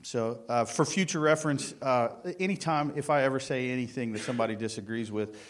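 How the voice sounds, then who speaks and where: Halting man preaching casually. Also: medium pitch. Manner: folksy, halting, many fillers, tells jokes with acted voices. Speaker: guest preacher. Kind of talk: sermon.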